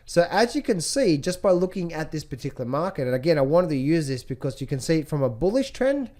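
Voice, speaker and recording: A man's voice: fairly high pitch, fast. A man teaching trading as he walks through charts, repeating key phrases and asking rhetorical questions. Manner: repetitive, rhetorical questions, animated pointing out. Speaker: trading educator. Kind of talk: screen-share chart walkthrough.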